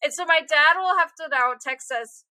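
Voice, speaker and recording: A young woman co-hosting a podcast, chatting casually in an animated, rambling, self-deprecating way. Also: high voice, normal speed, no echo. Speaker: podcast co-host. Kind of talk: casual chat.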